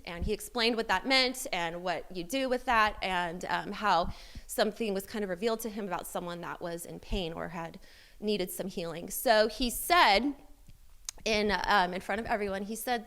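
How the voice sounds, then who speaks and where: A woman's voice: mid-range voice, moderate pace, fairly bright tone. Woman telling a candid personal testimony. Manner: candid, self-deprecating storytelling with many fillers. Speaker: church member sharing testimony.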